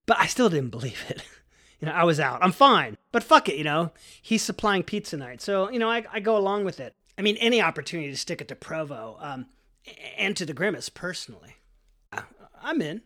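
A man's voice: on the high side, very animated, fairly quick, pushed and bright. A man telling a personal story in a casual, profane way, full of likes and you-knows.

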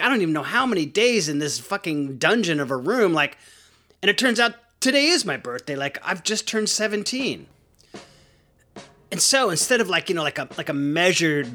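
A young man with a bright, forward voice tells his own story in a loose, conversational way. He leans on fillers like "like" and "you know" and swears freely. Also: on the high side. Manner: conversational, heavy fillers, profane. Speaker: narrator. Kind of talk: first-person storytelling.

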